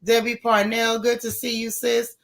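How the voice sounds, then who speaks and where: A woman's voice: on the high side, completely flat delivery, moderate pace, gravelly, a bit bright. Folksy woman with a strained voice. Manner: folksy, chatty, greets viewers one by one. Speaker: livestream host. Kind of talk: casual live-stream chat.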